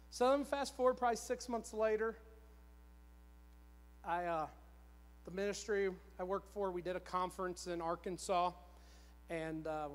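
A man in his thirties preaching a sermon in a church, telling a personal story in a conversational, repetitive, self-deprecating way. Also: high voice. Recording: long church hall reverb.

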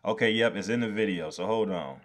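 A man's voice: lowish voice, brisk. A man live-streaming his design work, talking to himself as he goes, swearing freely and laughing when things go wrong. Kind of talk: casual live-stream commentary.

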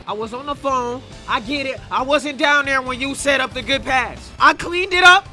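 A young man streaming a game, chatting casually and yelling at his teammates. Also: very high-pitched, brisk, hardly any pauses, soft background music. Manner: trash-talking, breaks into loud yelling at teammates. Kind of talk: casual gameplay commentary.

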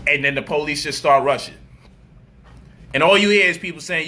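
A man delivering an animated, profane street-style commentary monologue, mocking people and acting out their voices. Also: on the high side, a little fast.

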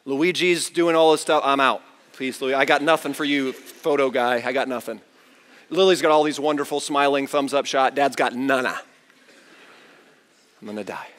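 A pastor preaching a chapel sermon, telling a story with big swings between loud, high bursts and quiet, low asides. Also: male voice, moderate pace. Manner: animated storyteller with wide swings in pitch and loudness. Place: large university chapel. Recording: long reverb of a large hall.

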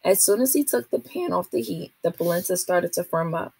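A woman, a teacher, reading a children's novel aloud to a class in a steady, expressive way. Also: lowish voice, brisk, gravelly, husky, dry recording.

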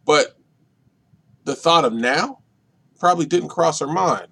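A minister leading a Bible study, talking deliberately and repeating key points for emphasis. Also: male voice, vocal fry, slightly rough. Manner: swings between loud emphasis and soft, low delivery.

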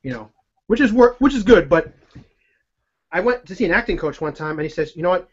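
A man doing a live card-magic demonstration on a video call, talking in a jokey, excitable, rambling way with self-deprecating asides. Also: sits high, brisk, breathy edge. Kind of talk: chatty live-stream demonstration. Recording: dull lo-fi stream audio.

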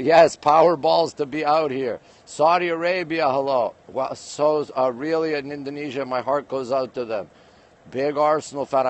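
A man hosting a casual live stream from a windy rooftop at night, very cold, chatting and greeting viewers one by one. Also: fairly high pitch. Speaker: livestream host.

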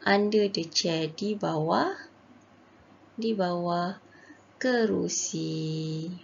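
A Malaysian woman teaching a primary school English lesson, slowly reading a story and translating each line, in a patient way. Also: lowish voice, vocal fry, lo-fi sound, a little hiss or hum. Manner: slow, patient, translates each line and reads quotes brightly.

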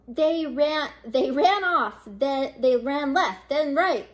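Slow, lively grandmother reading aloud. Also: high voice. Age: older. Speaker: storybook reader. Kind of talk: children's read-aloud narration.

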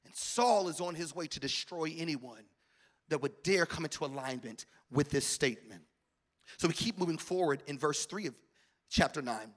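A pastor from the American South with a fairly high, bright voice at normal speed preaches a sermon in a church auditorium. He calls out to the congregation, his emphasis rising to emphatic peaks.

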